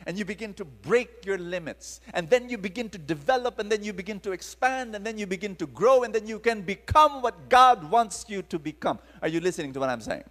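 A man's voice: sits high, fairly quick, few pauses. A man with a Filipino accent preaching to a live audience, telling stories dramatically and calling on the crowd to respond. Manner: animated, dramatic storyteller engaging the crowd. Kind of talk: storytelling sermon to a live audience. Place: large hall with long reverb. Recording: live talk in reverberant hall.

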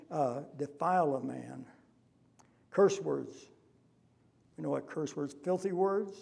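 A man's voice: fairly high pitch, creaky, darkish tone. A man preaching a sermon as pastor, impassioned and full of rhetorical questions, in a church. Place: church sanctuary.

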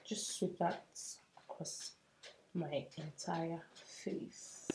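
A young woman doing a casual makeup tutorial, chatty and self-mocking, dropping to soft murmurs as she works. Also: low voice, steady tone, drawn-out words. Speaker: beauty vlogger. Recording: roomy echo, faint hiss.

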